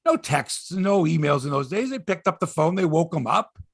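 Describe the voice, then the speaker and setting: Veteran male sports host, sixties, husky, lively storyteller. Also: a little high, moderate pace, no echo, clean studio sound. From Canada. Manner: animated storyteller, acts out quotes, swears freely. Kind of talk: casual sports chat and storytelling.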